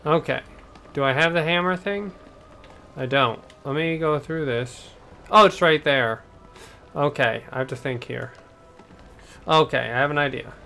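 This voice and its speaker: A man giving chatty, excitable let's-play commentary, talking to the game's characters as he plays. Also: on the high side, unhurried, creaky, long pauses, soft background music. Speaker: gameplay commentator.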